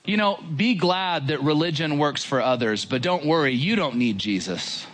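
A man voicing a smooth-talking deceiver who offers easy, soothing reassurance. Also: on the high side, expressive, normal speed, fairly bright tone. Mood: reassuring.

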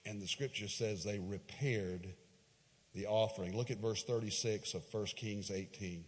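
A man preaching a sermon and retelling a Bible story, swinging from loud emphatic peaks to quiet low asides. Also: unhurried. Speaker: pastor. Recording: long hall reverb.

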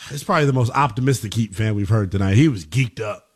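A man's voice: on the low side, fast talker, husky. Easygoing male sports radio host. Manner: laid-back, slangy, playful. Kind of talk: call-in sports radio banter.

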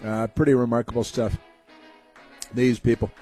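A man's voice: mid-range voice, flat delivery, moderate pace, mellow, husky, soft background music. A man hosting a talk show, giving sarcastic, rambling commentary with many fillers.

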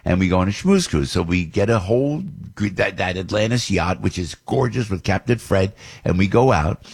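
A man hosting a radio show, chatting in a rambling, excitable way and laughing often. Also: sits low, moderate pace, creaky, breathy edge. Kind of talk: casual radio banter.

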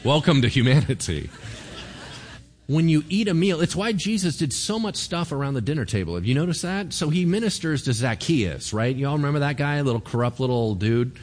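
A man's voice: mid-range voice, fairly quick. A middle-aged man preaching a sermon in a casual, conversational way, acting out short exchanges between people. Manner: conversational, animated, acts out little dialogues. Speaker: pastor.

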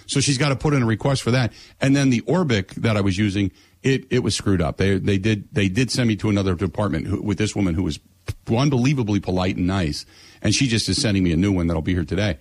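Middle-aged man, radio host, husky voice, dry studio sound, blunt sarcastic rant. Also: lowish voice, quick pace, no echo. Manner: exasperated storyteller, blunt and sarcastic. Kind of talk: casual ranting chat.

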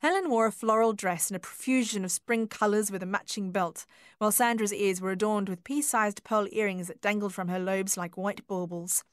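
A woman reading a novel aloud as audiobook narrator, measured and even. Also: medium pitch, smooth, dry recording, studio quality. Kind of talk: scripted narration.

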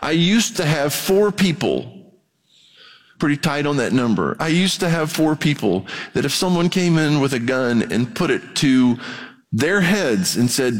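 Animated male pastor in a reverberant church. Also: a little high, measured pace. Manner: conversational, animated, acts out quoted voices. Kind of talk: sermon. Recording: long reverb of a church hall.

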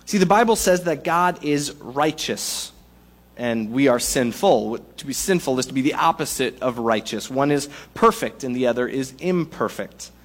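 A man preaching a sermon to a congregation, in a conversational, animated way with playful asides. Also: mid-range voice, normal speed. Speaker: pastor.

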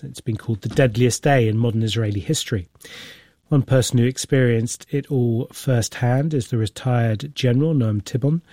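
A man presenting a radio news programme, introducing a guest and asking questions in a measured, formal way. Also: medium pitch, a little mellow, dry recording, studio quality. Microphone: studio mic.

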